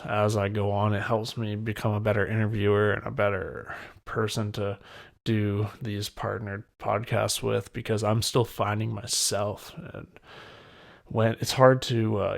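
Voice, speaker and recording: A young man in his twenties talks through a solo podcast episode in a loose, rambling, candid way, often poking fun at himself. His voice sits on the low side with a lot of gravelly fry, and his mouth sounds wet as he speaks. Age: 20s. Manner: rambling, self-deprecating, candid. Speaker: podcast host. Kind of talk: solo casual podcast chat.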